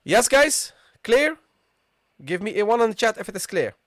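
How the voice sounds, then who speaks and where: A man teaching an online Arabic lesson live, repeating points and checking in with viewers after nearly every phrase, and sounding out letters slowly for them to copy. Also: high-pitched, sing-song, fairly bright tone, no room sound, clean studio sound. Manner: repetitive, checks in with "okay?" and "guys"; models pronunciations slowly.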